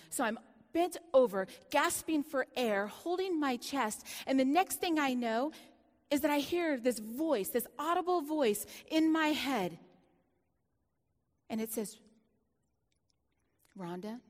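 A high-pitched woman preaches in a room with a long, ringing reverb. She tells a personal story in a lively, chatty way, laughing easily, then drops to a hush for the dramatic moments.

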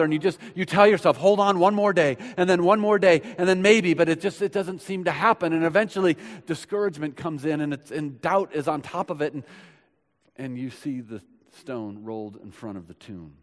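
A man preaching a sermon, swinging from loud emphasis to hushed tones and asking searching questions. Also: a little high, a little fast, big-room sound. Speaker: pastor.

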